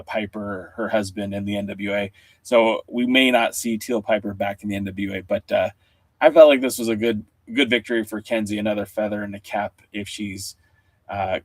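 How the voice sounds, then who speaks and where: A man's voice: on the low side, dry recording. A man co-hosting a podcast over a video call, talking casually with lots of fillers and restarts. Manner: rambling, many fillers and restarts. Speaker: podcast co-host. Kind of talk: casual chat.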